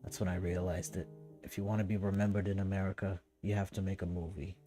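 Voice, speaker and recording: A man voicing a proud, boastful old Sicilian mafia don, reading his lines in a loud, slow, grand storytelling delivery. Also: low voice, little pitch movement, soft background music, natural voice.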